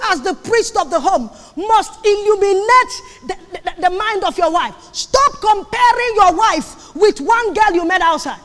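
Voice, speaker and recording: Lady preacher, high pitched, keeps repeating herself, shouts out points, big echoey church. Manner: emphatic, repeats phrases, sudden shouts. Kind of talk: sermon on marriage. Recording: long hall reverb.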